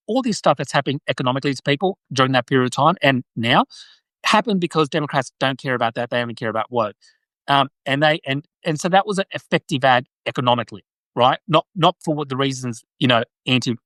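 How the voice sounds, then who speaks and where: An Australian man hosts a live video, chatting loosely about politics and often tagging points with "right?" while restarting his sentences. His voice is medium-pitched and fairly bright, with no room sound but a rough recording.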